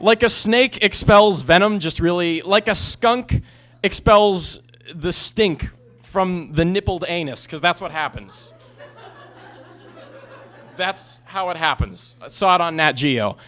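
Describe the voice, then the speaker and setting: A young man doing stand-up, his voice sitting a little high for a guy. He rambles through his story, doubling back and restarting mid-sentence. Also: takes it slowly, a bit bright. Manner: rambling, self-interrupting storytelling. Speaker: stand-up comedian. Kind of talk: stand-up comedy set.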